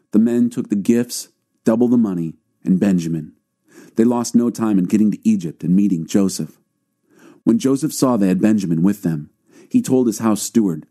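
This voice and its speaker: A man with a fairly low, very mellow and dark voice reads scripture aloud. His narration is calm and measured, paced for quiet listening. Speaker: audio Bible reader.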